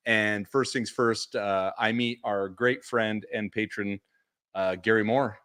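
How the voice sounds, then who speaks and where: Speaking slowly with a clean tone, a man co-hosting a podcast casually runs through convention anecdotes. He brings the quotes to life, swinging his pitch up and down as he acts them out.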